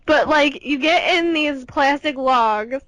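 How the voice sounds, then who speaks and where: A young woman with a high voice co-hosting a podcast. She tells a story in a giggly, chatty way, and her voice sounds close and dry. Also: takes it slowly, a bit bright, no echo, poor audio. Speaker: podcast co-host. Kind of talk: casual chat.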